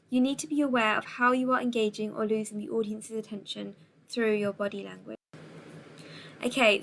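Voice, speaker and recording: Patient woman teacher giving clear instructions. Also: fairly high pitch, a bit bright, a little hiss or hum. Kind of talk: recorded remote lesson over slides.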